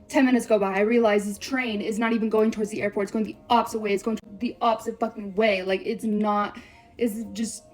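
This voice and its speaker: A young woman telling a breakup story on a vlog, blunt and profane, swearing constantly in rapid run-on sentences. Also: mid-range voice, steady tone, darkish tone, faint music behind.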